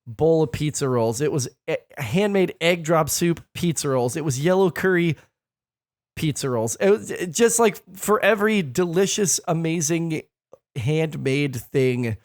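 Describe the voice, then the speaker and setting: A man's voice: a little high, animated, measured pace, dry recording, studio quality. A man co-hosting a casual gaming podcast, telling stories bluntly with plenty of swearing. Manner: blunt, profane storytelling. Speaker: podcast co-host.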